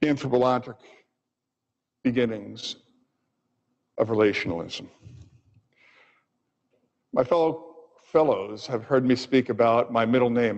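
Male doctor lecturing in an echoing hall. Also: medium pitch. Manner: expressive, pausing for effect. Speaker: physician lecturer. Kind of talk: lecture with storytelling. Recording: dull audio with long hall reverb.

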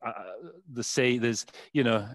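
A man's voice: mid-range voice, fairly even intonation, a little slow, no echo. A man who works as an interpreter, talking casually in an interview and often stopping to search for words with many fillers. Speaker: interpreter guest. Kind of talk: conversational interview.

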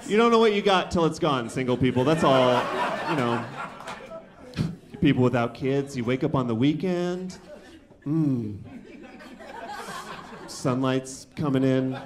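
A man in his thirties performing a stand-up comedy set in a comedy club, talking casually and slipping into quick voices for the people in his stories. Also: mid-range voice, a little hiss or hum. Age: 30s. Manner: conversational, acts out quick voices for friends and his son.

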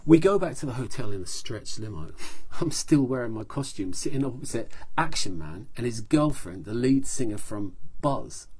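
Husky man reading his comic short story. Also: medium pitch, sing-song, normal speed, hardly any pauses, a little mellow.

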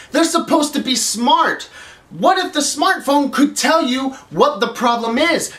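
A man's voice: very high-pitched, fairly bright tone. A man hosting a comedic rant vlog, exasperated and swearing as he complains. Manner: exasperated, profane ranting. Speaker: vlog host. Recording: roomy echo.

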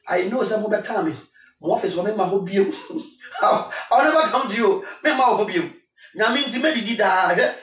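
A man's voice: high-pitched, reverberant, recorded from a distance. A Ghanaian man, a singer, making an impassioned spoken appeal in an emphatic, repetitive, preacherly way, switching between Twi and English.

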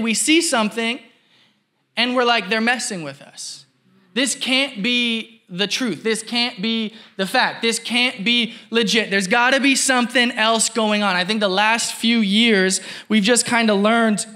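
A man preaching a sermon as pastor, telling a story in a lively way and acting out the people in it. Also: high voice. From Canada. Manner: animated, acts out quotes, laughs while telling.

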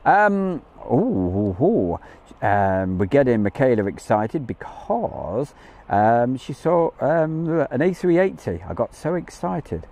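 A man's voice: medium pitch, animated, measured pace, warm tone. A man hosting a live stream outdoors from a campsite field, chatting in a jokey way and greeting viewers by name. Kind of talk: casual live-stream chat.

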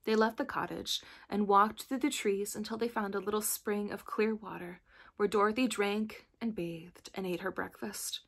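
A woman from the library staff reading a children's book aloud in calm, measured storytelling. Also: medium pitch, gravelly, slightly rough.

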